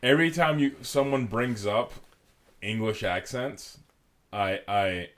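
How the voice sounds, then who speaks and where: A man's voice: mid-range voice, slow, fairly bright tone. A man hosting a podcast in casual, playful chat, laughing often. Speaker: podcast host.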